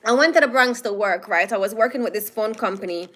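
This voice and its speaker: A woman's voice: medium pitch, quick pace, fairly bright tone. A woman from Jamaica with a Jamaican accent, giving a casual, opinionated commentary monologue and stretching out her emphatic phrases. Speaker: commentary host.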